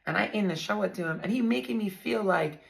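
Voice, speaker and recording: Blunt, gravelly-voiced woman vlogger. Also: mid-range voice, quick pace. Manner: profane, blunt, addresses viewers as y'all. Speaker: vlogger telling her own story. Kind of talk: candid storytelling to viewers.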